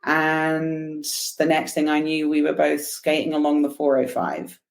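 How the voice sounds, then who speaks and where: A woman guest on a podcast, telling a personal story in an animated, chatty way with laughs and fillers. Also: sits low, unhurried, vocal fry. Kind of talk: casual storytelling interview.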